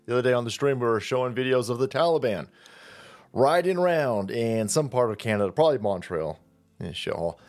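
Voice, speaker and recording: A man's voice: medium pitch, animated, quick pace, a little mellow. Profane, mocking man ranting. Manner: crude, mocking, swaggering, switches into sneering mock voices. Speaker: political commentary host.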